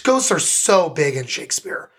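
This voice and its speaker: A man co-hosting a casual podcast about a play. His voice is husky, and his talk is enthusiastic and thoughtful, full of restarts and "like"s. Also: fairly high pitch, very animated, normal speed. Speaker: podcast co-host. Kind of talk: casual theater review chat.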